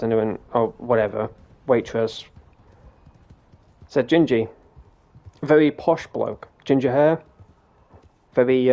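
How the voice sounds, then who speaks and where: A man's voice: medium pitch, warm tone, dull audio. A British man streaming a game, telling a rambling story in a casual way, with frequent restarts and some swearing.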